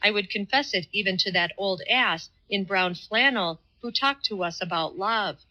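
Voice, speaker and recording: An earnest, devout man, read by a woman narrator in an audiobook, who speaks with deliberate, fervent care as if hauling the truth out word by word. The voice is bright and clear-toned. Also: mid-range voice, highs cut off, natural voice. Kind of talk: audiobook reading.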